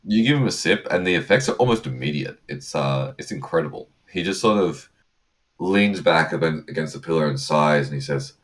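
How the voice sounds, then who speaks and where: A man's voice: rumbling low, expressive, brisk. A man narrating as game master of a tabletop game, rambling with many fillers.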